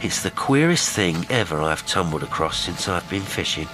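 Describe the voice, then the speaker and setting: A man voicing a blunt, kindly fisherman who speaks in a gruff, brisk way. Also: low voice, animated, music in the background, low-quality recording. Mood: eager.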